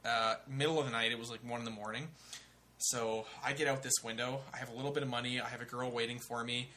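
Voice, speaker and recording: A young man telling a story on a comedy talk show in a casual, animated, profane way. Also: mid-range voice, quick pace, a little hiss or hum. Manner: animated, profane, acts out other people's voices.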